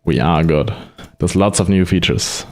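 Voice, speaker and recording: A man streaming live, casually showing off software he built, chatty and rambling and often laughing. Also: sits low, expressive, unhurried.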